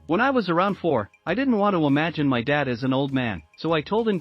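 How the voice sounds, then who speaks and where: A man reading out story posts in a steady, even narration. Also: on the high side, fairly quick, no room sound. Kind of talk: scripted narration of reader posts. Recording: dull lo-fi sound with faint music.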